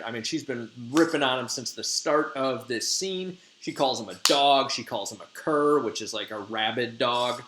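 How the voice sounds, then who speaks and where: A man's voice: mid-range voice, fairly bright tone. Chill guy teacher retelling a story, lots of ums and likes, echoey room. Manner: slangy, conversational, lots of fillers. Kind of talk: casual lesson retelling a play.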